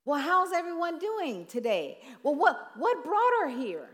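A woman putting on a chirpy, clueless young male chaplain with a lifted, high voice, chatting breezily and missing every cue. His oblivious small talk rings out with the long reverb of a large hall. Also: sing-song, unhurried, a bit bright, heavily acted. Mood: breezy.

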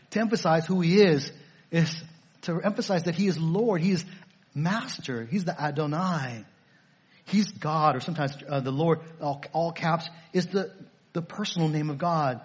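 Husky emphatic preaching man. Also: on the high side. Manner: emphatic and repetitive, asks rhetorical questions. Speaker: pastor. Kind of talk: sermon.

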